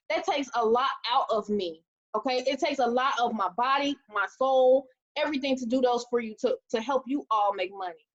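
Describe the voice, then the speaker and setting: A woman in her thirties leading a motivational team webinar, animated and preachy, acting out the quotes she tells. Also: high voice. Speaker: team leader. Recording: dull lo-fi webinar audio.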